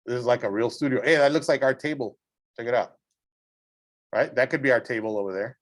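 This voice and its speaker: A man's voice: mid-range voice, brisk. A man teaching a school art and design class in a casual, chatty way, exclaiming over pictures and often checking in with the students. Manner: enthusiastic, exclaims over images and keeps checking in with "right?". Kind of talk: casual classroom instruction while browsing images.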